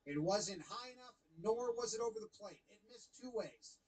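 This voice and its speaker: A young man casually commentating baseball highlights, animated and playfully mocking the umpire. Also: normal speed, breathy edge, low-quality recording.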